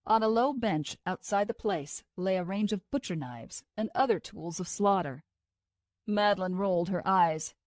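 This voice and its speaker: A woman narrates an audiobook in a steady, measured scripted reading. Her mid-range voice comes through with clean studio sound and no echo.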